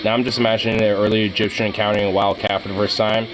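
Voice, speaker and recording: A man streaming casually, reacting to cat pictures with excitable gushing and casual swearing. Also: lowish voice, racing, few pauses, over music. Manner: excitable, gushing over cats, casually profane.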